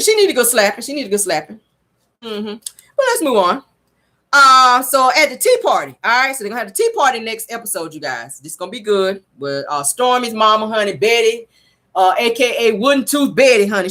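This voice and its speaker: Sassy female host, gossipy recap delivery, very lively pitch. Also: a little fast. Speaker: reality show reviewer. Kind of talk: casual recap commentary.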